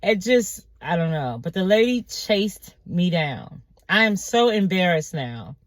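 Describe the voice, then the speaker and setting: Animated woman telling a storytime. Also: unhurried, no room sound. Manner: animated, acts out quotes in higher voices, exasperated asides. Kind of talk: casual storytime monologue.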